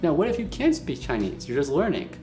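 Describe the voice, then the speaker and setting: A man giving a casual video lesson as a language teacher, patiently explaining and repeating words slowly for learners. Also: on the high side, sing-song. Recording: echoey room with faint music.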